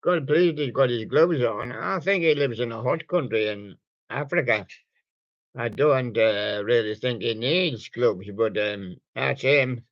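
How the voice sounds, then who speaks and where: Slow, rambling, pun-loving male host of a home radio show, chatting about soft toys; dull, lo-fi sound. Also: medium pitch, no room sound. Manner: rambling, jokey, fond of puns. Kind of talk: casual chat showing soft toys.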